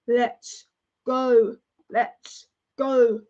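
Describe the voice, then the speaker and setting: A young woman hosting a live football watch-along, excitable and casual, chanting and swearing as she reacts. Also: on the high side, normal speed. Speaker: football fan livestream host. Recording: dull lo-fi stream audio.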